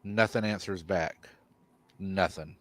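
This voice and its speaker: A man's voice: low-pitched, slow, a bit bright, dry recording. A man hosting a live show, retelling a viewer's encounter and quoting him at length. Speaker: host.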